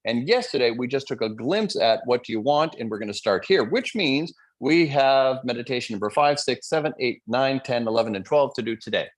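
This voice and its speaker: A man's voice: mid-range voice, lively intonation, fairly quick, hardly any pauses. A man hosting a live online seminar as a motivational coach, talking energetically and playfully, addressing the audience directly. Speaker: motivational coach, event host.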